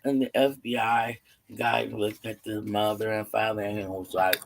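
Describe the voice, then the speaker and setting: Gravelly man telling a story. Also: lowish voice, a little slow, noisy background. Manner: animated, acts out each character's lines. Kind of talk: casual storytelling with acted voices.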